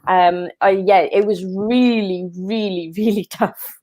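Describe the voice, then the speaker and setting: Casting: woman guest, relaxed and giggly, mid-pitched voice. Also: slow. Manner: easygoing, giggly. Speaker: guest, stylist. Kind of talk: casual chat.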